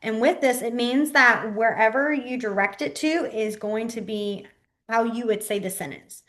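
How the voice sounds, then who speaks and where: The young woman here has a high-ish, fairly bright voice with fairly even intonation and a moderate pace. She runs an informal, chatty online sign language class, trailing off often as she demonstrates.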